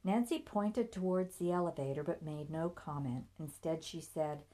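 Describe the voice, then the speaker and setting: A woman reads a novel aloud with a very low voice. Her delivery is steady and measured, in a plain storytelling manner. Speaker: narrator. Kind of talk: audiobook reading.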